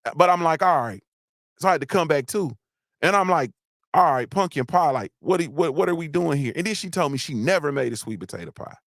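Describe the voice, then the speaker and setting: A man's voice: on the high side, no echo, studio quality. Slangy rambling male livestream host. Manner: slangy, rambling, shouts out chat names. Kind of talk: casual livestream chat.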